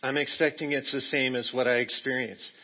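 A man's voice: mid-range voice, fairly even intonation, a little fast, highs cut off. A man preaching as a guest in a church, friendly and joking, talking in a loose, rambling way, living in Texas. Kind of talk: sermon.

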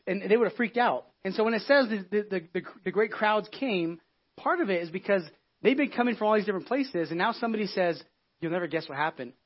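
A male pastor preaches in a relaxed, conversational way, retelling the story with lots of restarts and asides. His voice sits high and he talks quickly. The church recording sounds dull and lo-fi. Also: breathy edge. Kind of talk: casual conversational sermon.

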